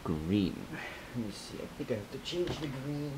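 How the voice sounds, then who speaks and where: A man's voice: medium pitch, very animated, normal speed, background noise. A man hosting a casual step-by-step craft tutorial, chatty and laughing often as he repeats his instructions.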